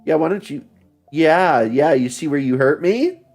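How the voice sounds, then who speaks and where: Casting note: a young male streamer, loose and rambling, laughing and swearing, with a lively, swinging voice. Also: a little high, a little slow, faint music behind. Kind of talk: casual livestream chat.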